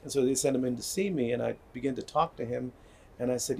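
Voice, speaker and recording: A man's voice: medium pitch, fast, gravelly, warm tone, slight background noise. An older man speaking as a guest about healing and community, telling stories earnestly and often checking in with "right?". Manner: earnest, repeats words, asks "right?" often. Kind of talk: conversational storytelling.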